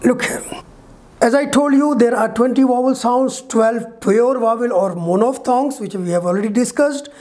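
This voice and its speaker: A woman teaching English phonetics in an online lecture, slowly drawing out each example sound. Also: on the high side, mellow, soft background music. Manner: slow, deliberate, drawn-out example sounds.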